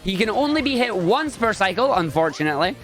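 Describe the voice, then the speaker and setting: A man giving chatty, excitable, jokey live commentary on his own speedrun. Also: sits high, fast, faint music behind.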